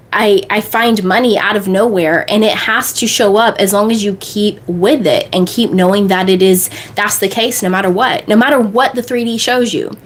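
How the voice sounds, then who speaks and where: A woman coach answering viewer questions on a livestream in a bubbly, fast way. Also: medium pitch. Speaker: manifestation coach.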